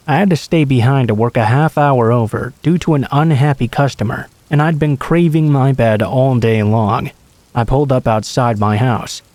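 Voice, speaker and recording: A man narrating true scary stories in a steady, matter-of-fact reading voice. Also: medium pitch, dry recording. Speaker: horror story narrator.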